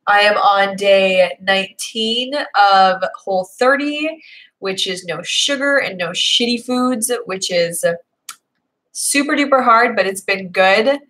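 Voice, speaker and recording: Young female vlogger, casual live chat, bright, lively tone, loose and rambling. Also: medium pitch, slow, rough recording. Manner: chatty, rambling, many fillers. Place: indoors at home, Seattle.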